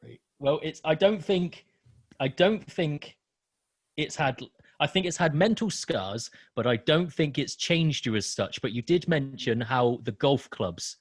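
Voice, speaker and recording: Male podcast host, lively pitch, chatty and laughing, close dry mic. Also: unhurried, breathy edge, no echo. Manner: chatty, laughs often, rounds things up with scores. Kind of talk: casual podcast chat.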